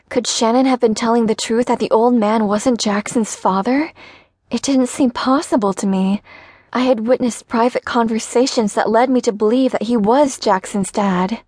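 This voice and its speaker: A woman reads a first-person audiobook in a steady, measured voice. Her pitch sits somewhat high. The recording is close and completely dry, with no room sound. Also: no room sound. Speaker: audiobook narrator.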